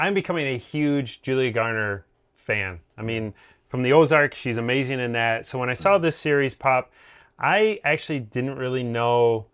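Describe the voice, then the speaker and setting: A man in mid pitch, neither high nor low, co-hosting a casual TV review chat. He rambles along, piling up fillers and starting sentences over as he thinks aloud. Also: a bit bright, smooth. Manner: rambling, heavy on fillers and restarts. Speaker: co-host of a TV review show.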